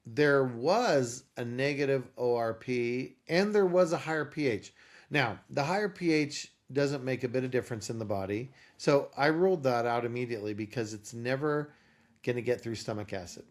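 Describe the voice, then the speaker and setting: This interview guest, a company founder, speaks at a normal pace in a mid-range voice while sharing a personal anecdote. He gets animated and performs the voices of the people in his story.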